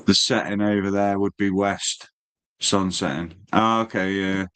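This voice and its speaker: A man's voice: low-pitched, fairly even intonation, a little slow, fairly bright tone, clean tone. A man chatting casually as a stream host, laid-back, swearing freely and calling people mate. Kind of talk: casual chat.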